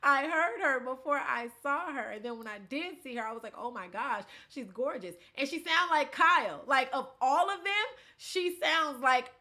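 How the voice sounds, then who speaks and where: Lively laughing woman vlogger. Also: high voice, normal speed, hardly any pauses. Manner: animated, laughs often, loud bursts. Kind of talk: casual storytelling to camera.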